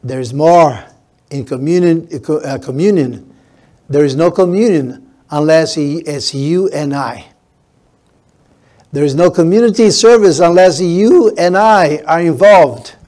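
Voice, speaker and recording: Slow, deliberate preaching man. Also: a little high, a little mellow. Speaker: pastor. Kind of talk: sermon.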